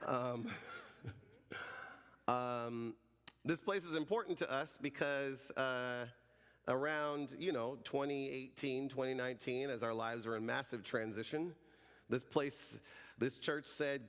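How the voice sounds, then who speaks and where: A man in his forties, a pastor giving a sermon as an animated, joking storyteller. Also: medium pitch, unhurried, smooth. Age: 40s. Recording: reverberant hall.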